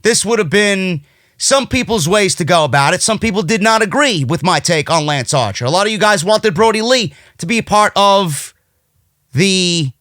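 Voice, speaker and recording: A man with a New York accent reviewing a wrestling show in casual, blunt commentary, swearing freely as he gets excited. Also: high-pitched, moderate pace, no room sound, studio quality.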